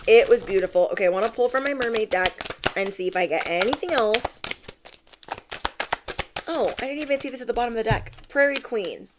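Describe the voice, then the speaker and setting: A woman's voice: on the high side, animated, fairly quick, pauses often, noisy background. A young adult woman giving a casual tarot reading to her viewers, gushing and chatty, full of "like" and "oh my gosh". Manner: bubbly, gushing, many "like"s and "oh my gosh". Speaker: tarot reader.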